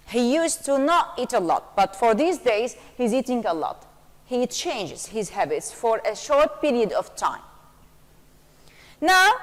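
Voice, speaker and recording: Her voice a touch high, this woman from Syria teaches English grammar at a slow, patient pace, saying "okay" as she covers each step. Long, reverberant room echo gives the audio a hollow sound.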